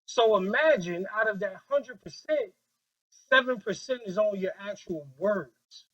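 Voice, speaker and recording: A man leading a training workshop with a group, talking in a lively, joking way and acting out quoted voices on a handheld mic. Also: high-pitched, a little slow, dull audio.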